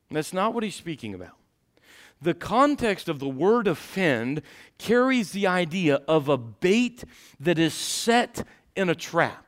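Male pastor, high-pitched voice, folksy sermon delivery that rises to shouted peaks. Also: very animated, measured pace. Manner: swings from soft asides to loud shouted preaching; folksy, addresses the congregation directly.

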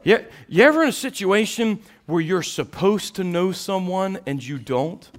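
Middle-aged male preacher, slightly high voice, dynamic sermon delivery from hushed to booming. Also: lively intonation, moderate pace. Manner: dynamic, swings from quiet asides to loud impassioned peaks.

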